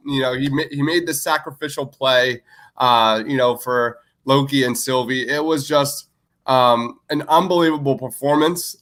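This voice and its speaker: A man's voice: medium pitch, sharp tone. A man co-hosting a podcast in casual chat, enthusiastic and full of filler words. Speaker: podcast co-host.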